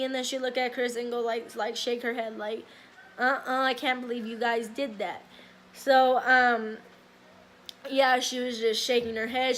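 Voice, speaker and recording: A young woman recounts a personal story to her viewers in a casual vlog. Her voice sits high, and she rambles along, filling her sentences with likes and ums. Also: a bit bright. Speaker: vlogger.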